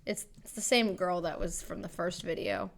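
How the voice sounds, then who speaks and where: A woman's voice: lowish voice, steady tone, normal speed, vocal fry. A woman streamer chatting casually and rambling as she reacts to videos. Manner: chatty, rambling, self-deprecating.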